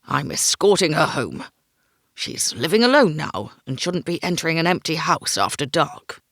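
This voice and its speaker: A woman voicing a gruff male sergeant who barks curt orders. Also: low-pitched, very animated, moderate pace, a bit bright, dry recording, studio quality, heavily acted. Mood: stern. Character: gruff stern male sergeant, duty-bound.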